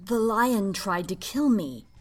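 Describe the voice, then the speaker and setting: A woman's voice: on the low side, animated, measured pace, husky, faint music behind. A woman voicing a frightened housewife who pleads in a shaky voice. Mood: shaken. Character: frightened, shaken housewife, servant's mistress.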